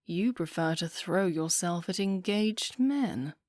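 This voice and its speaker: A woman reading a rakish, arrogant young nobleman with a slow, lazy drawl in an audiobook. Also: on the low side, expressive, darkish tone, no room sound, clean studio sound. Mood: menacing.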